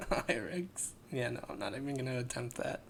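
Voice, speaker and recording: A man's voice: medium pitch, animated, moderate pace, vocal fry, slight background noise. A man casually commenting while streaming a game, chatty and joking with his chat.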